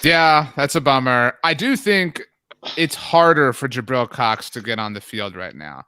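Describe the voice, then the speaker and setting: A man, a guest who owns a fan site, talking through team analysis in a measured, thoughtful way. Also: medium pitch, lively intonation, sharp tone, smooth, no room sound. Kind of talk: casual podcast chat.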